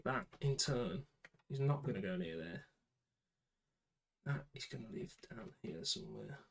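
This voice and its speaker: A man's voice: medium pitch, expressive, measured pace, creaky, husky, poor audio. A man with a British accent chatting casually to himself and the camera while building a computer, with muttered asides. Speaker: PC builder vlogger.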